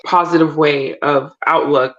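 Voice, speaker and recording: A woman's voice: sits low, fairly even intonation, unhurried, dull audio. A woman co-host in a casual podcast conversation, emotional, with stumbling restarts and frank swearing.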